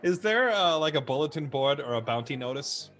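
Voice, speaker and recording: A man playing a tabletop game casually, joking and making quick asides. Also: on the high side, lively intonation, a bit bright, faint music behind. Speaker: player.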